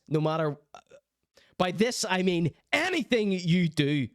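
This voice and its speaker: A man hosts a casual livestream, working himself into theatrical, mock-outraged rants. His voice is smooth and resonant, sitting a little high for a man. It is recorded close and dry. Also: sing-song, measured pace, dry recording. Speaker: streaming show host.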